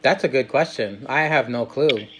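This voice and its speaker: A man's voice: mid-range voice, normal speed, a little hiss or hum. A man hosting a casual podcast, teasing his guest and posing questions. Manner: playful, teasing, asks questions. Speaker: podcast host.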